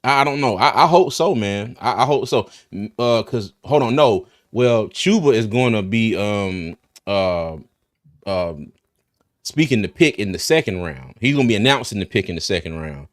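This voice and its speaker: A man's voice: on the low side, animated, normal speed. A man hosting a casual livestream, laughing often and talking in loose, restarting bursts. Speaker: host of a live draft-night stream.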